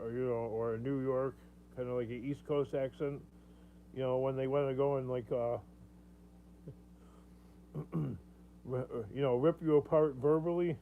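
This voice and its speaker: A man hosting a casual livestream, rambling, chuckling often and answering viewer comments. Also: medium pitch. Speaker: livestream host. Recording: tinny phone-like sound with faint hum.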